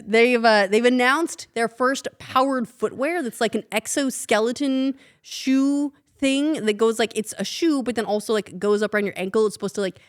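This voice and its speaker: A woman with an American accent co-hosting a podcast, chatting quickly and playfully. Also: a little high. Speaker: podcast co-host. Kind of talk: casual chat.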